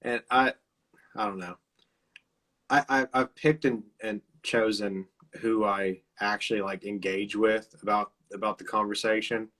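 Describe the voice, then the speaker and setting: A tired man with a fairly low voice hosts a casual chat over a video call. He speaks haltingly, stopping and starting, like someone who has not slept. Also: fairly even intonation, a bit bright, rough recording. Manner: halting, many fillers and restarts. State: tired, sleep-deprived. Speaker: host.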